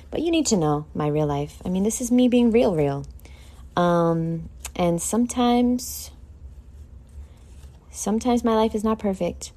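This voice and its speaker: A woman's voice: mid-range voice, mellow. A woman hosting a podcast, talking candidly and emotionally in a casual solo monologue, swearing freely. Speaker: podcast host.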